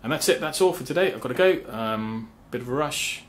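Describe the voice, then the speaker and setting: A man talking casually to his viewers about songwriting, halting with fillers and restarts, and now and then humming rhythm syllables. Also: mid-range voice, expressive, a little hiss or hum. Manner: sings rhythm syllables to explain meter. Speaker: songwriter and channel host. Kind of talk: casual talk to camera.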